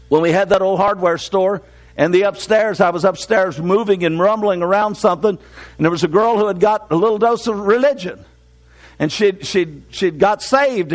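An older man preaching from the pulpit in a notably high-pitched voice. He draws his warnings out slowly for emphasis, then slips into easy, folksy storytelling. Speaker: pastor. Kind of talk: sermon.

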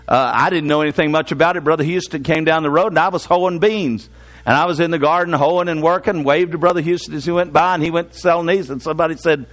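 An older man preaching from the pulpit in a notably high-pitched voice. He draws his warnings out slowly for emphasis, then slips into easy, folksy storytelling. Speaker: pastor. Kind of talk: sermon.

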